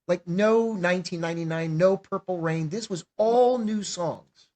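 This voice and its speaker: A man's voice: high voice, moderate pace, a little mellow. A man hosting a podcast, casually asking questions and prompting with short replies. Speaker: podcast host. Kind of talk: casual interview.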